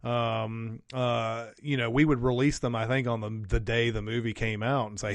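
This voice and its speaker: A man talking casually on a podcast, pausing often with fillers and restarts as he explains. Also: medium pitch, steady tone, no echo. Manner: halting, many fillers and restarts. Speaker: channel co-creator and podcast host.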